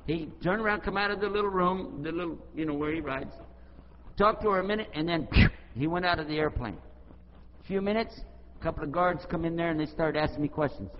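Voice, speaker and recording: A man's voice: fairly high pitch, a little fast. American man preaching in an echoey hall. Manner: animated, acts out both sides of dialogue. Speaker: Islamic preacher. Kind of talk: storytelling talk to an audience. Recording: lo-fi hall recording with faint noise.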